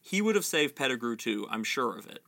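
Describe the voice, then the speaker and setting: A man voicing a wise old wizard headmaster, reading his lines gravely from a novel. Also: mid-range voice, big pitch swings, brisk, sharp tone, exaggerated voice. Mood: gentle.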